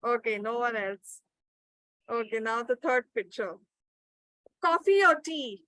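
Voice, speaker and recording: A woman trainer runs a live online webinar, reading out participants' answers and encouraging them in an expressive, unhurried voice. Her voice is on the high side with a fairly bright tone, and the rough recording has no room sound.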